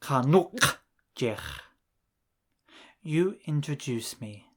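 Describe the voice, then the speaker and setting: Slow, measured man teaching a lesson. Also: on the high side, lively intonation. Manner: measured, pauses between drill phrases. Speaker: language teacher. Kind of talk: scripted lesson narration.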